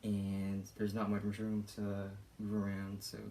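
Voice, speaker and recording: A man's voice: on the low side, monotone, takes it slowly, mellow, a little hiss or hum. Hesitant young man, lots of fillers. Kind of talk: casual spoken explanation.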